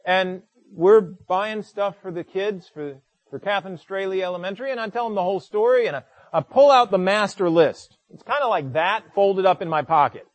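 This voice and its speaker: A man's voice: sits high, normal speed, hardly any pauses, dry recording. A middle-aged male pastor preaching a sermon, telling a personal story emphatically with frequent stammered restarts.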